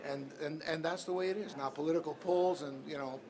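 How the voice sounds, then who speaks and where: A man's voice: on the high side, fairly even intonation, brisk. Emphatic male politician in a scrum. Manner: emphatic, repeats "okay?". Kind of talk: press scrum answers. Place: busy hallway. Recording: noisy crowd around.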